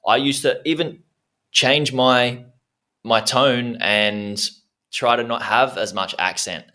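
An Australian man hosting a podcast, talking in a relaxed, chatty way with local slang. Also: mid-range voice, slow pace. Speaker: podcast host. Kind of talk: casual podcast interview.

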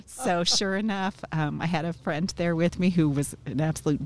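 A woman's voice: on the low side, normal speed. Chatty, sarcastic middle-aged woman. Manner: sarcastic, chatty with frequent ums. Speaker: interview guest. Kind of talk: casual storytelling.

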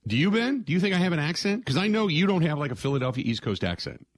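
A man's voice: on the high side, big pitch swings, fast talker, dry recording. An older man from southwestern Ohio hosting a sports radio show, talking casually in a rambling way that circles back on itself with "man, oh man" exclamations.

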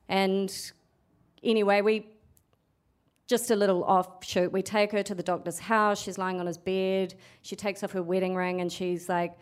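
A woman's voice: mid-range voice, little pitch movement, normal speed. A young adult woman telling a true story at a storytelling event, frank and sweary, acting out what people said. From New Zealand. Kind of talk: live storytelling.

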